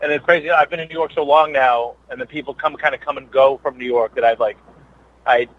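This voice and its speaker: A man's voice: medium pitch, steady tone, muffled recording. A man, a comedian, chatting casually as a podcast guest, rambling with frequent restarts. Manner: rambling, halting, many restarts. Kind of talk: casual chat. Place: New York based.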